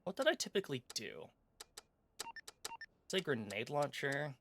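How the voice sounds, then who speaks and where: Male streamer at an ordinary pitch, calm and low-key, reading game text with casual asides. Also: measured pace, creaky, slight background noise.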